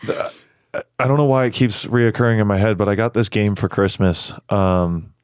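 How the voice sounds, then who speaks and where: A man in his twenties hosts a casual podcast with a fairly low voice. He talks easily, rambling a little as he goes. The sound is close and dry. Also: moderate pace, clean tone, dry recording. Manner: easygoing, rambling with fillers and restarts. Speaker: podcast host.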